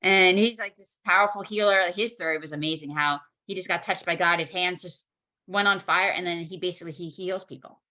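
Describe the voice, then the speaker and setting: Woman talking quick and bright, acts out what people said to her, chatty podcast guest. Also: on the low side. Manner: animated storyteller, acts out quoted dialogue. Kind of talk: casual podcast chat.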